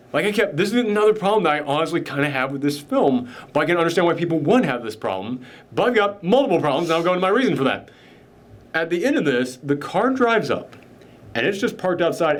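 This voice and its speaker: A man's voice: a little high, expressive, brisk, fairly bright tone. A man giving a casual, candid, opinionated film review. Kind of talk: casual movie review chat.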